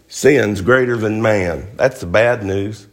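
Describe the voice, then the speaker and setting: A man's voice: lowish voice, slow. Emphatic male preacher. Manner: emphatic, asks the audience rhetorical questions. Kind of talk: sermon.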